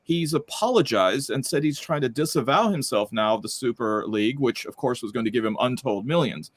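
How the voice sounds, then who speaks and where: A man hosting a panel show over a video call, wry and fond of jokes. His voice sits at an ordinary male pitch. He leads each topic in a conversational way. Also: lively intonation, a little fast, husky. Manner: wry, joking. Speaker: host. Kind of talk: panel discussion.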